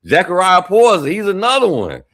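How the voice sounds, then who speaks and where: A man talking college football as a guest, relaxed and running through lists of players. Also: sits high, brisk. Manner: relaxed, rattles off lists of players with growing excitement. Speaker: sports talk guest. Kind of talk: casual sports talk.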